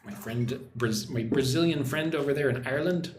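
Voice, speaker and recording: A man from Texas hosting a live online English lesson, reading out viewers' chat comments and explaining words slowly, often checking in with "right?". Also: medium pitch. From Texas, United States. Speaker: English teacher hosting a livestream. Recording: roomy echo with faint background noise.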